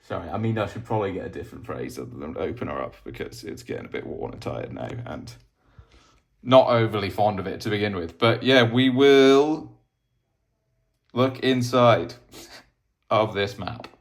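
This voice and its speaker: A man's voice: on the low side, normal speed. A man from Wales, casually rambling and self-deprecating as he shows his map collection in a vlog. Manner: rambling, self-deprecating, chatty with many ums. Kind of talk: casual rambling show-and-tell.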